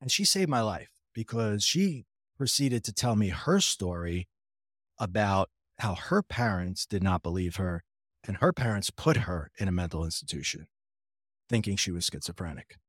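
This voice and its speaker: Speaking at a normal pace in a low, animated voice, a man being interviewed recounts his own story, quoting others, often restarting, and poking fun at himself. The studio sound is clean with no echo.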